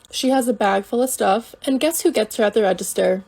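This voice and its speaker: A woman telling a casual story about her job, animated and quoting coworkers and customers. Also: mid-range voice, brisk, creaky, hardly any pauses, husky. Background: faint music.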